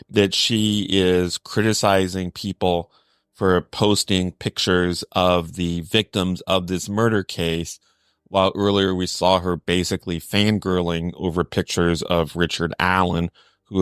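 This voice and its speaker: A man's voice: low-pitched, a bit bright, clean tone, no room sound. A young adult man co-hosting a podcast, giving dry, pointed commentary from a script. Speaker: podcast co-host. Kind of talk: scripted true-crime commentary.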